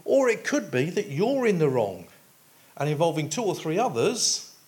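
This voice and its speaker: A man's voice: a little high, very animated, normal speed, a little mellow. A man preaching a sermon in a conversational way, explaining his points with homely everyday examples. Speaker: pastor.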